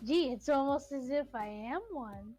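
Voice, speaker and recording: A woman co-hosting a casual stream, teasing with mock-menacing, deadpan jokes. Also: sits high, a little slow, poor audio. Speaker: stream co-host.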